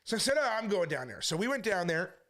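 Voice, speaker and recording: A man who is a street preacher, briskly telling a story to his viewers and quoting the back-and-forth as he goes. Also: sits high, very animated, a bit bright. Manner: brisk retelling full of quoted back-and-forth. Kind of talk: casual storytelling monologue.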